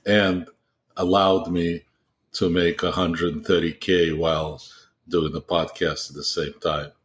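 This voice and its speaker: A man's voice: low voice, level tone, slow. A man co-hosting a gaming podcast, chatting casually and rambling a bit with lots of fillers. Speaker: podcast co-host. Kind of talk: casual chat.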